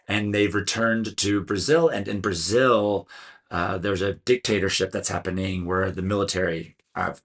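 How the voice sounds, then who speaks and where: Californian guy chatting through a movie review, low gravelly voice, kinda husky. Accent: Californian American. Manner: chatty, earnest, stumbles over names. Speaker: film reviewer. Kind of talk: casual solo video review.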